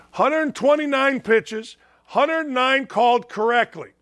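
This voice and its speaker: High, bright-voiced ranting sports host. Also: male voice. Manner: animated, wisecracking, rants with emphatic repetition. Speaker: sports talk show host. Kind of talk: opinionated sports talk monologue.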